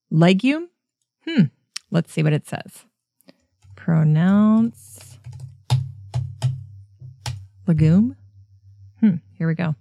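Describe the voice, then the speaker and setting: A woman's voice: fairly low pitch, a little mellow, no echo, studio quality. A woman podcast host reading segments aloud in outtakes, flubbing words and laughing at herself. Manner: self-mocking, laughs at her own flubs.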